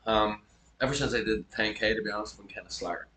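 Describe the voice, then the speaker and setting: A man in his thirties, chatting casually as a podcast guest, swearing a lot and rambling with animated energy. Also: fairly low pitch, rapid-fire. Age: 30s. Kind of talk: casual chat. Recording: echoey room with faint background noise.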